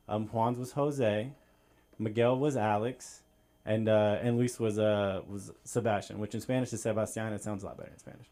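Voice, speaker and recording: On a club stage, a stand-up comedian tells a story in a loose, rambling way with plenty of fillers. His voice is mid-range with a dark tone.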